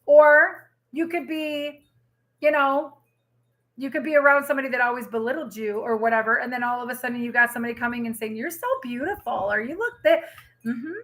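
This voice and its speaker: A woman giving a casual livestream tarot reading, animated and exclamatory, swearing freely. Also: fairly high pitch, fairly quick. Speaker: tarot reader.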